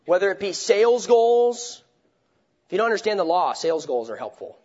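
Male preacher, high register, conversational sermon, dull lo-fi audio. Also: big pitch swings, fairly quick, darkish tone. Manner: conversational, asks rhetorical questions, restarts phrases. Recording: dull lo-fi recording.

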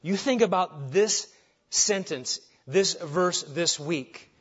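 A man preaching a sermon with emphasis, dropping soft on key phrases and rising when animated. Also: high-pitched, slow, breathy edge, muffled recording. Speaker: pastor.

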